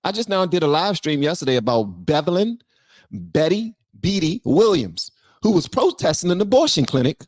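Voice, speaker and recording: Animated, lively-voiced male commentator. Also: a little high, normal speed, dry recording. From Southeast Washington, D.C. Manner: animated, emphatic, talks straight to viewers. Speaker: YouTube commentator reacting to a clip. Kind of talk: casual reaction commentary.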